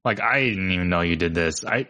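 A man co-hosting a podcast, telling animated stories, acting out quotes and laughing often. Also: low-pitched, a little fast, clear, resonant tone, no room sound. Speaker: agency co-owner and podcast host. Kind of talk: casual podcast chat.

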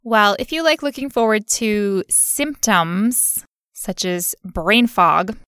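A woman's voice: mid-range voice, slow, a bit bright, clean tone, no room sound, studio quality. A young woman co-hosting a podcast in casual chat, joking and telling playful stories. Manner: jokey, playful storyteller. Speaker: podcast co-host.

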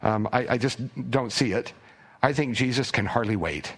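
A male pastor delivers a sermon in a loose, conversational way, often restarting his sentences. His voice sits at a middle pitch, and he sometimes sinks into a hushed near-whisper to drive a point home. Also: moderate pace. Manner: conversational, with frequent stammered restarts.

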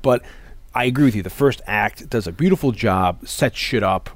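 Lowish-voiced man chatting casually about a film. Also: moderate pace, no echo. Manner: animated, swearing, acts out quotes. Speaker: podcast co-host.

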